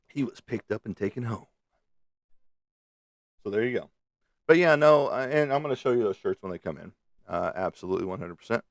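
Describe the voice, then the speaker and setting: A man's voice: on the low side, lively intonation, fairly quick, gravelly, long pauses, no room sound, studio quality. A middle-aged man chatting on a live stream from a room at home, blunt and profane, rambling between topics. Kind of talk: casual live stream chat. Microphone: webcam on a live stream.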